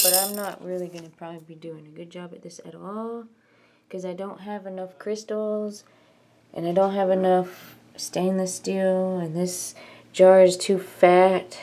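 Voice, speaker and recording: A woman's voice: fairly low pitch, little pitch movement, measured pace, darkish tone. A woman vlogging in a casual chat, rambling and self-mocking as she tinkers and jokes.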